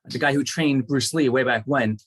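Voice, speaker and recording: A man chatting casually about a movie, speaking haltingly with many restarts and fillers. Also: mid-range voice, a bit bright, slightly rough. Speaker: movie club panelist. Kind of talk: casual chat.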